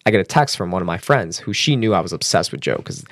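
A man telling a personal story as a podcast guest, casual and animated, swearing and using fillers. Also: fast talker, no room sound, studio quality. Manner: animated, acts out quotes with raised pitch.

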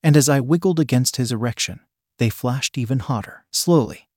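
A man narrating an erotic story in a steady, even reading manner. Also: mid-range voice, a little fast, dry recording, studio quality.

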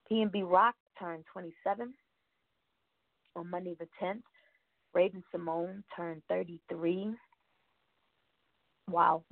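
Reading birthdays on her radio show, a female host chats loosely, rambling and laughing frequently. Her voice is fairly low and gravelly, coming through a dry, tinny phone-like line with no room sound.

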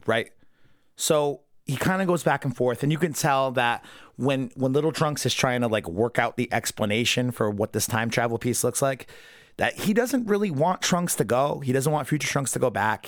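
A man giving a casual, rambling episode review as a podcast host, swearing freely and breaking into quick impressions of character lines. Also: mid-range voice, no room sound, clean studio sound. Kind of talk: casual unscripted commentary.

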